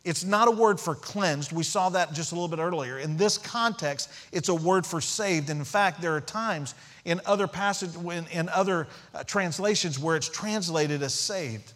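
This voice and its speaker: A man's voice: on the high side, moderate pace, few pauses, fairly bright tone. A man preaching a sermon as pastor, emphatic, repeating key phrases and asking rhetorical questions.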